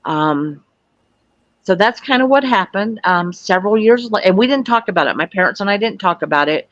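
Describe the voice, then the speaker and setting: Expressive and a little fast, a mid-range woman's voice belongs to a Florida guest in her sixties who works as a UFO field investigator. She describes her own experience earnestly and matter-of-factly. The recording is dull, lo-fi and dry, with no room sound.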